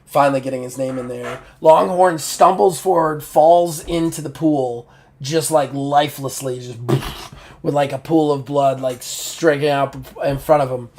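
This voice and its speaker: A man's voice: fairly high pitch, a little slow, a little mellow. A man running a tabletop game as game master, narrating in a casual, rambling way.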